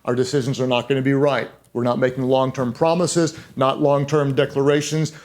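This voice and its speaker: A man's voice: medium pitch, little pitch movement, fairly quick, a little mellow. A middle-aged man, a pastor giving a leadership talk, speaking emphatically and conversationally, repeating key words for stress and dropping in self-deprecating asides.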